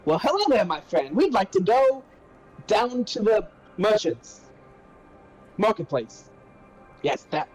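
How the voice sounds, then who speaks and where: A man's voice: high-pitched, sing-song, takes it slowly, pauses often, a little mellow, breathy edge, faint music behind, voice pushed up, exaggerated voice, rough recording. A man voicing a courtly adventurer who greets people with grand, overly polite manners.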